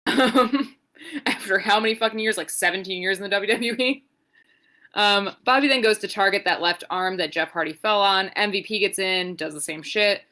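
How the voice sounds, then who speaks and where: A woman's voice: mid-range voice, normal speed, sharp tone. A young adult woman co-hosting a podcast, giving a sarcastic, profane, rambling play-by-play recap. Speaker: podcast co-host. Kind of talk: casual wrestling recap.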